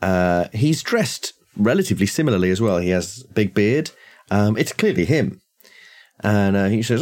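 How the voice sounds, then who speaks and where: Brief: male game master, lower voice, lively delivery, descriptive narration. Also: moderate pace. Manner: descriptive, relaxed, with fillers. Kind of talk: narrating a tabletop horror game.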